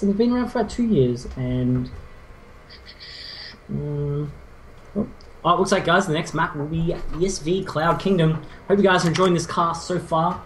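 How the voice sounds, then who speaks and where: A man's voice: fairly high pitch, a little hiss or hum. A man co-casting a game in a laid-back, self-deprecating, rambling way. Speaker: esports co-caster. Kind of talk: casual game commentary.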